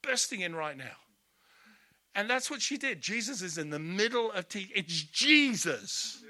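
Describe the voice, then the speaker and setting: A male preacher giving a lively storytelling sermon with humorous asides. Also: high voice, normal speed. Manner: animated, storytelling, laughing asides.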